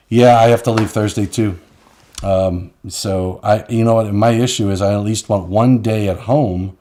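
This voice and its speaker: Mellow low-voiced man chatting on a live stream. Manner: rambling, laughs at his own stories. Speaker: host. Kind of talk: casual live-stream chat.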